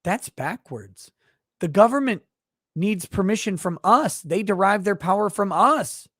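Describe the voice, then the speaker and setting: A man's voice: high-pitched, animated, normal speed, a bit bright, dry recording, studio quality. A man hosting a live stream, ranting sarcastically with plenty of profanity and rambling asides. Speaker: host.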